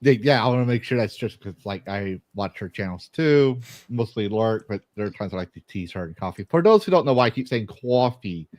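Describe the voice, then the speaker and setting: A man's voice: lowish voice, lively intonation, fairly quick, few pauses, a little mellow, dry recording. A man from Texas hosting a casual chat, telling rambling, joking stories.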